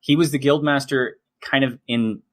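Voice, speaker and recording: A man's voice: medium pitch, steady tone, normal speed. A man co-hosting a podcast, talking in a chatty, explanatory way. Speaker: podcast co-host. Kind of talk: casual discussion.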